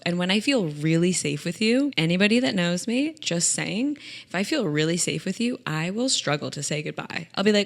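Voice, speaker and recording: A woman's voice: lowish voice, a bit bright. Chatty self-mocking woman podcaster. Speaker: podcast host. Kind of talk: comic personal storytelling.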